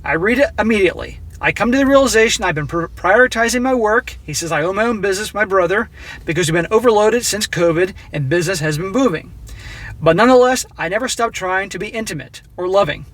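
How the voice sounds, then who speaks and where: A relationship advice commentator with a high-pitched, slightly bright voice talks fast with lively intonation. He reads a story aloud and adds his own blunt, opinionated commentary, addressing his viewers directly.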